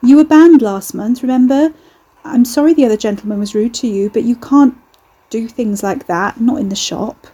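A woman voicing a nervous older shop manager in a storybook reading, hesitant and stammering, with a husky voice. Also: fairly high pitch, moderate pace, dark tone, close to an everyday voice.

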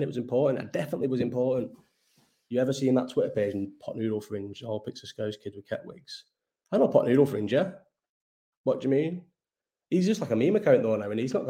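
Young male host, casual live-chat rambler, warm low-key tone, swears freely, drifts off topic. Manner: rambling, sweary, loses his thread.

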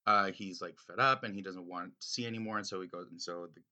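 A man's voice: sits low, quick pace, bright, forceful tone. A man giving casual, rambling spoken commentary on a story, full of fillers and restarts. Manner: rambling, filler-heavy, enthusiastic. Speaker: reader discussing a classic story.

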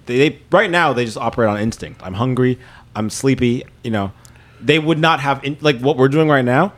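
A man hosting a casual podcast, opinionated and joking, talking in long stretches. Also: mid-range voice. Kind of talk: casual chat.

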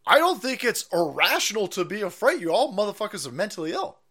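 A man hosting a stream, ranting in profane political commentary with mocking asides and sudden shouts. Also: high voice, sing-song, quick pace. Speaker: streamer host.

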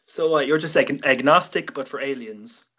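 A man's voice: mid-range voice, normal speed, sharp tone, breathy edge, muffled recording. A young Irish man hosting a casual late-night podcast, swearing freely and laughing at his own jokes. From Ireland. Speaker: podcast host.

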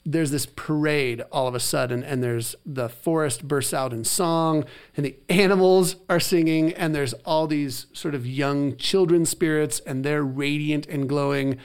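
Gravelly-voiced man telling a story. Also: on the high side, measured pace, few pauses. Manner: animated storytelling, acts out quoted lines. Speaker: podcast co-host. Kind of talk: casual chat.

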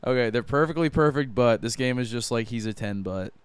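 A young man co-hosting a podcast, excitable and swearing as he teases his co-host. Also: mid-range voice, fairly quick. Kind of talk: casual chat.

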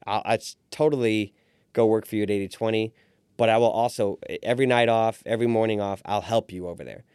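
A fast-talking man in his forties with a fairly low, clear, resonant voice tells his story as a restaurant owner on a podcast. He animatedly acts out the voices of those he quotes, in studio-quality audio with no room sound.

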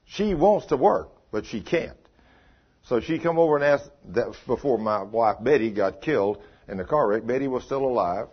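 An older man preaching a sermon in a folksy storytelling way, dropping low for commands. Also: lively intonation, normal speed, slightly rough. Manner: folksy, drops into low hushed commands when quoting himself. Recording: dull lo-fi recording.

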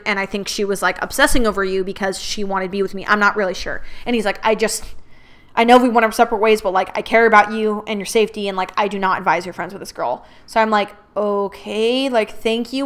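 A young adult woman telling a personal story in a candid, expressive way, swearing freely and quoting others in her own voice. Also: medium pitch, clean tone. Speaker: podcast host. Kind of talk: casual storytelling.

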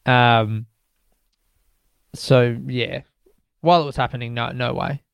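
A man's voice: mid-range voice, fairly even intonation, slow, smooth, no room sound, muffled recording. A young male stand-up comedian chatting casually as an interview guest, candid and rambling, swearing freely and laughing often.

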